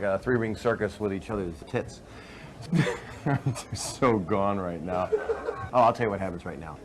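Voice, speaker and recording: Rambling crude comedian man, lowish voice. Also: slight background noise. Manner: crude, rambling, laughs at his own jokes. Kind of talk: improvised stand-up storytelling.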